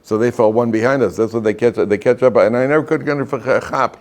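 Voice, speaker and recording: A rabbi with a medium-pitched voice keeps a brisk pace while teaching students Torah informally in a classroom. He jokes, stays animated and often quizzes the room.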